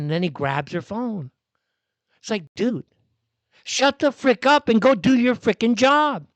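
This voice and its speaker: A man's voice: very high-pitched, no echo. A man hosting a live commentary show, ranting bluntly and swearing often.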